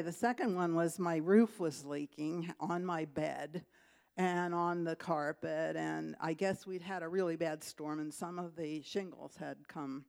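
A woman telling two testimonies to her church, chatty and lively, with laughs and fillers as she tells the story. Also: low voice, unhurried, gravelly. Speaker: church member giving testimony.

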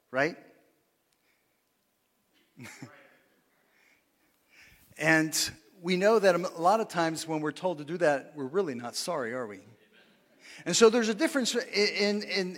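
In a large church sanctuary, a pastor with a slightly high, somewhat bright voice preaches conversationally. He keeps asking the congregation to respond and laughs at his own lines.

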